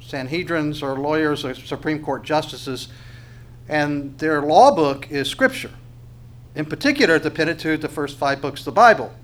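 A preacher with a fairly bright, higher-pitched voice gives a conversational sermon at a moderate pace. Along the way he puts questions to listeners, using rhetorical and tag questions.

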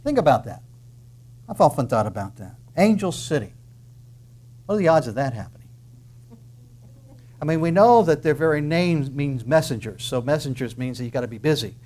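A man preaching a sermon emphatically, asking rhetorical questions and dropping into soft asides. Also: medium pitch, very animated, a little fast, long pauses. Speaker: pastor.

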